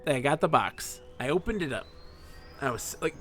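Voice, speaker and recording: A man streaming a game, telling a rambling personal story in a chatty, animated way. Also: on the high side, fairly quick, faint music behind. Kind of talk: casual storytelling while playing a game.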